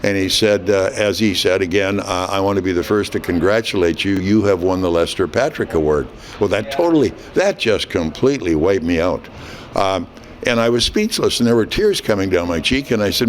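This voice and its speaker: Older man, eighties, lowish voice, storyteller, interview, faint hiss. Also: a little fast. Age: 80s. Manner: animated anecdote teller, quoting others. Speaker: hockey broadcaster, interviewee.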